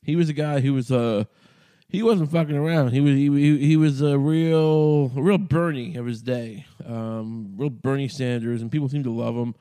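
A man's voice: medium pitch, moderate pace, dark tone, clean tone. A man from New York hosting a podcast, ranting in a rambling, profane, sardonic way with frequent restarts. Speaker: podcast host. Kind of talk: casual ranting monologue.

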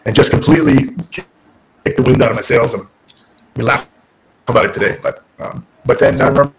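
A man who is a former wrestler and podcast guest, telling a story in casual, animated talk, restarting sentences and acting out what people said. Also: medium pitch, brisk, vocal fry, slight background noise, rough recording. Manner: animated, restarts and self-corrects, acts out quotes.

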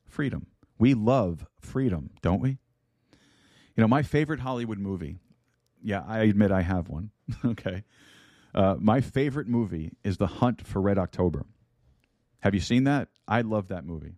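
Low, mellow-voiced man preaching a sermon. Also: expressive, normal speed, dry recording. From United States. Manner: repeats words, asks the audience rhetorical questions. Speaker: pastor. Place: online broadcast with a chat room.

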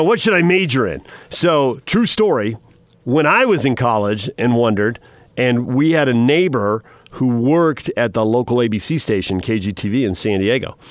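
A middle-aged man hosting a radio talk show, telling chatty stories in a casual, animated way. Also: medium pitch, moderate pace, no room sound. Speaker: radio host.

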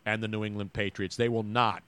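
A man co-hosting a sports podcast, talking in an animated, rambling, teasing way. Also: lowish voice, brisk, clean tone. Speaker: podcast co-host. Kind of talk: casual sports chat.

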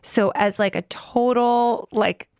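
A woman in her forties from New York, telling a personal story as a guest with blunt, profane candor and quick run-on bursts full of "like". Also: a little high, steady tone, vocal fry, a little mellow, clear, resonant tone, dry recording, studio quality. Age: 40s. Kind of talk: candid personal storytelling in conversation.

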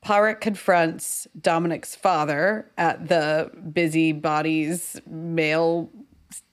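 A woman's voice: sits low, steady tone, takes it slowly. A woman co-hosting a podcast, chatting casually about a scene and thinking aloud with fillers and restarts. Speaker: podcast co-host. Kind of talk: casual chat about screenwriting.

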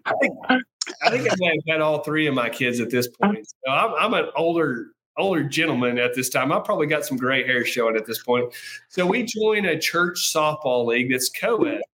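A man's voice: on the high side, lively intonation, normal speed, sharp tone, slight background noise. A man telling stories as a podcast guest, laughing often and restarting as he talks. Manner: laughs often, repeats and restarts as he tells the story. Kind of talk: casual storytelling.

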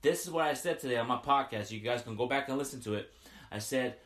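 A man giving a casual, excited fan recap of a basketball game, as a sports podcaster who keeps saying "you know what I mean.". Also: mid-range voice, quick pace, few pauses, roomy sound.

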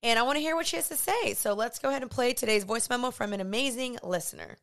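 A woman's voice: a little high, fast, a bit bright. A young woman hosting her podcast, chatty and earnest, saying y'all. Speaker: podcast host. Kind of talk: casual podcast monologue.

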